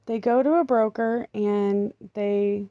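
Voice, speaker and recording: A woman's voice: mid-range voice, steady tone, slow, dry recording, highs cut off. A middle-aged American woman talking casually in a vlog, rambling and chatty with lots of ums and little laughs. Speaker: vlogger. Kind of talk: casual chat.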